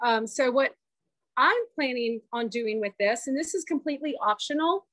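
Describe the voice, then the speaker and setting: High-voiced woman chatting about a dessert. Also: moderate pace, no room sound. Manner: relaxed and talkative, many "um"s. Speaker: guest sharing a dessert. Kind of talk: casual chat demo. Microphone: video call.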